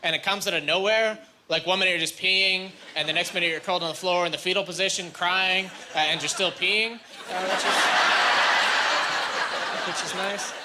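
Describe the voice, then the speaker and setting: A man's voice: high-pitched, steady tone, moderate pace. A man doing a stand-up comedy set on a club stage, rambling through his stories and acting out the voices of the people in them. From Canada. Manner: rambling storyteller, acts out quoted voices. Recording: live club recording, loud crowd noise. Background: audience laughter.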